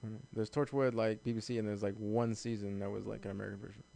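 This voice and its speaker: A man's voice: on the low side, level tone, rapid-fire, vocal fry, dark tone. A man co-hosting a casual podcast chat, loose and profane, laughing often as he talks. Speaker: podcast co-host.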